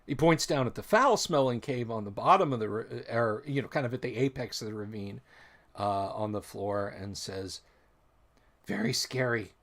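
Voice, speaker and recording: A man's voice: lowish voice, moderate pace, a bit bright. A man running a tabletop game as game master, describing the scene with frequent restarts.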